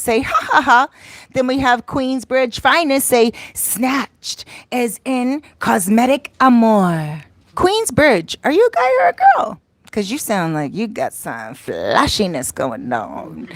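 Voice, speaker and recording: A woman's voice: a little high, dry recording. A woman with an American accent, hosting a live stream in a playful, laughing manner, reading chat comments aloud.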